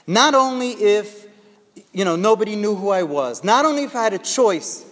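Lively male storyteller-preacher, high voice, in a hall with long reverb. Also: normal speed. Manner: animated, conversational storyteller. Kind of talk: storytelling sermon.

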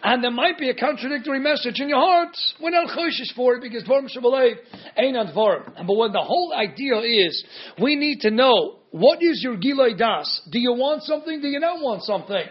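A man's voice: very high-pitched, lively intonation, brisk, dull audio. A man teaching a Talmud lecture, firing rhetorical questions and answering them, with Hebrew and Aramaic terms woven through his English. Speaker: Torah teacher.

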